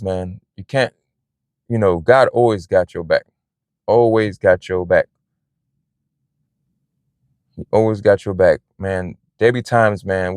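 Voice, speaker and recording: Low-voiced man rambling earnestly outdoors. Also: no echo, studio quality. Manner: rambling and earnest, with frequent "man" and "you know". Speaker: vlogger. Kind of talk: casual personal vlog talk. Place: outdoors in a big parking lot.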